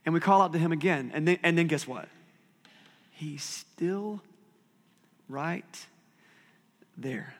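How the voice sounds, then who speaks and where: A man's voice: high voice, lively intonation, normal speed, fairly bright tone, in a large hall. A man preaching a sermon as pastor, talking conversationally with self-deprecating asides.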